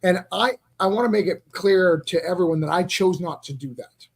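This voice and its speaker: A man's voice: sits high, moderate pace, husky. A man as a podcast guest, chatting casually and explaining things carefully, with frequent stammers and restarts. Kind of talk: casual chat.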